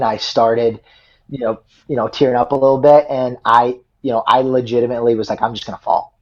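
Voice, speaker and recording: Young male wrestler guest, low voice, meandering delivery full of ums and restarts, muffled lo-fi sound. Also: a little mellow, husky. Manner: rambling, repeats words, many fillers. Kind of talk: casual storytelling. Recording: dull lo-fi audio.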